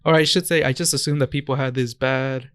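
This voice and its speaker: A young man from the States chats on a podcast, wandering through anecdotes and restarting his sentences as he goes. His voice sounds smooth and clear. The mic is close and dry, with no room sound. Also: mid-range voice, fairly even intonation, a little fast, fairly bright tone, no room sound. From United States. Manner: rambling storyteller, restarts often. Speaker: podcast co-host. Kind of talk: casual chat.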